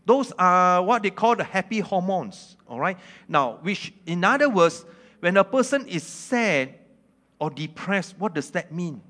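Male preacher, kinda high voice, keeps asking the crowd questions and laughing, broken grammar. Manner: animated, asks the audience questions, laughs often. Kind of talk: sermon.

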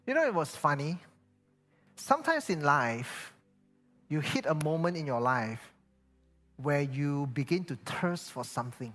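A man's voice: a little high, very animated, unhurried, pauses often, a bit bright. A male pastor with a Malaysian English accent, preaching and telling a story, acting out the people he quotes. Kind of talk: sermon. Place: church hall. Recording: reverberant hall with faint music behind.

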